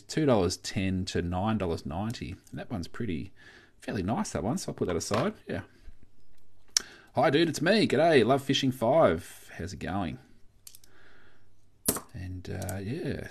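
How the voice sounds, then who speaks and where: A young Australian man with a somewhat low voice talks through a live stream in an easygoing, chatty way. He reads out viewer comments and answers them casually. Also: a little mellow. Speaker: coin collecting livestream host.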